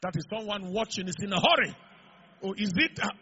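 A middle-aged man preaching a sermon, building up to shouted declarations. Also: high voice, expressive, fairly quick, lo-fi sound, slight background noise. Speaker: pastor.

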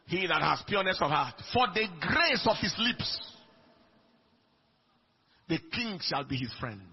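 A man preaching a sermon in an emphatic way, swinging between soft lines and shouted ones. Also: sits high, big pitch swings, unhurried. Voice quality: raspy, gravelly. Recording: dull lo-fi recording.

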